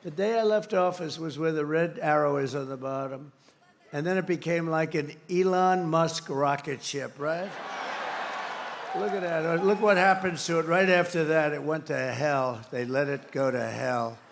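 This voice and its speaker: Combative high-voiced man at a rally. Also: normal speed, gravelly, background noise. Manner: combative, repetitive, mocking asides. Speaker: political candidate. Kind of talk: campaign rally speech. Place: large rally venue.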